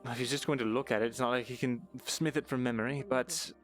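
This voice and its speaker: A man's voice: medium pitch, fairly even intonation, fast talker, a bit bright, soft background music, natural voice. A man playing a dry, hesitant scribe. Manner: hesitant, many ums and uhs, dry understatement. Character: cautious male scribe, rule-bound and wry. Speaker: roleplay player. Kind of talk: live online fantasy roleplay.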